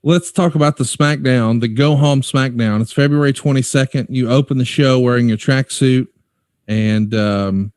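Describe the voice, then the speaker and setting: A man hosting a relaxed interview, talking at a middle pitch and quoting old promo lines with amusement. The sound is dry and close, with no room echo. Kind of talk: conversational interview.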